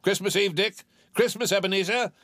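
A man's voice: sits high, moderate pace, fairly bright tone, no echo, studio quality, pitched above the performer's own voice. A man voicing a jovial, stout old employer who calls out in a rich, hearty voice. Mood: hearty, calling out. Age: older.

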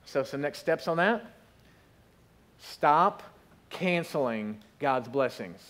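A man with a high voice preaches in a church, lively and storytelling, slipping into voices for the people in his stories. He speaks as the pastor of his congregation, animated and casual. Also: takes it slowly, pauses often. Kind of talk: sermon. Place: church sanctuary.

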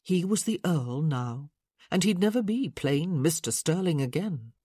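A woman narrating a historical romance audiobook in an expressive, measured storytelling manner. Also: sits low, slightly rough, no echo, clean studio sound.

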